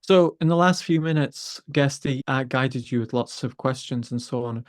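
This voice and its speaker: A man, a podcast host telling a story with exasperated, animated energy. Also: mid-range voice, moderate pace. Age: 50s. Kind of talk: conversational storytelling.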